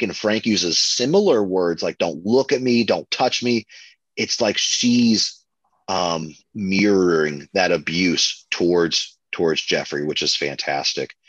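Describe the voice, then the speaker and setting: A man co-hosting a podcast, chatting casually and excitedly about a film, full of fillers and restarts. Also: lowish voice, dry recording, lo-fi sound. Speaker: podcast co-host.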